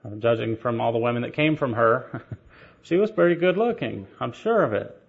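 A man's voice: mid-range voice, expressive, moderate pace, gravelly, husky. A man preaching a sermon, telling stories with rhetorical questions and light laughter. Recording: dull lo-fi sermon recording.

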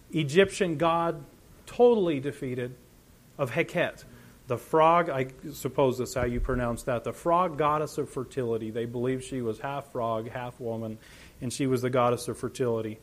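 A man preaching a sermon, animated and full of rhetorical questions, swinging between loud emphasis and quiet asides. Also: medium pitch.

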